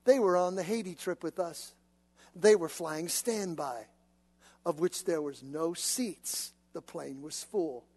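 A man preaching a sermon, telling stories in an animated, conversational way. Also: a little high, takes it slowly, husky. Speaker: pastor. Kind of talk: sermon with personal storytelling. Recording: long reverb of a large hall.

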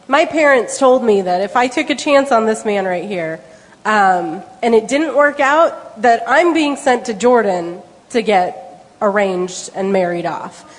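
A woman telling her side of a story in church, lively and wry. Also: mid-range voice. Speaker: speaker sharing her story. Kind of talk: personal testimony. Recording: long hall reverb.

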